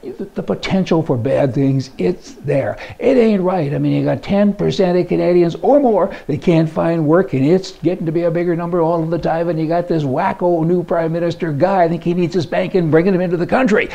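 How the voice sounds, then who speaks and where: A man's voice: high-pitched, brisk, gravelly, warm tone, lo-fi sound. A man giving a folksy, indignant, rambling political monologue as a commentary blogger. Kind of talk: opinionated monologue. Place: Canada.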